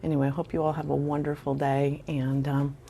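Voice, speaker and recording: A middle-aged woman with a low voice spins a casual anecdote to her viewers. She's wry and self-deprecating, chatting loosely with plenty of fillers. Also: little pitch movement, fast talker, creaky, mellow, slight background noise. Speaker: storyteller vlogger.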